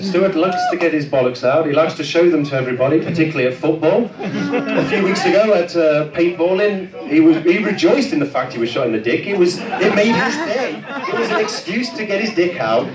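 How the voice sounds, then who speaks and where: A tipsy man gives a rambling best-man-style speech, swearing and hedging with ums between jokes. He sounds some way off from the mic in an echoey hall. A loud crowd of guests fills the room around him. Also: a little high, lively intonation, fairly quick, few pauses. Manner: rambling and crude, with self-deprecating jokes and hesitations. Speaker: brother of the groom giving a wedding speech. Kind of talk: wedding speech. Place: wedding reception hall with guests. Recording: roomy echo, distant mic, loud crowd.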